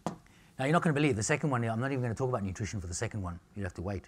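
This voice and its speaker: A man's voice: medium pitch, expressive, racing, a little hiss or hum. A man with an Australian accent giving a live health seminar, blunt and jokey, swearing casually. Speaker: nutrition speaker. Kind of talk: live seminar talk to an audience.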